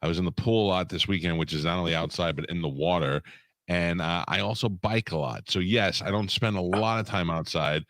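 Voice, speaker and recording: A man's voice: sits low, a little fast, fairly bright tone, no room sound. A man co-hosting a podcast in casual chat, laid-back and profane, laughing easily. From lives in Florida. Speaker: podcast co-host.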